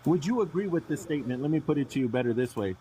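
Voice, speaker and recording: A man's voice: a little high, expressive, rapid-fire, warm tone, a little hiss or hum, low-quality recording. A man hosting a live trucking podcast. He asks probing questions and often restarts and repeats himself. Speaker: podcast host.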